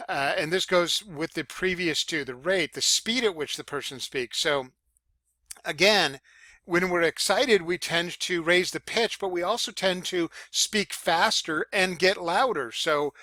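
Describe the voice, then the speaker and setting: A man teaching public speaking in a casual lecture, with fillers and self-corrections, demonstrating loud, soft, high and low voices as he explains. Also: unhurried, no echo. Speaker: college speech instructor. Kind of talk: recorded lecture.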